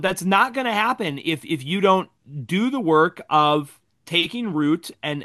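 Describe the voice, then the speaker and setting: A man with a bright, forceful tone, set a little higher than most men. He speaks up earnestly on a faith panel in a casual discussion and laughs easily. His voice sounds close and dry, with no room around it. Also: dry recording. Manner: earnest and expansive, quick to laugh.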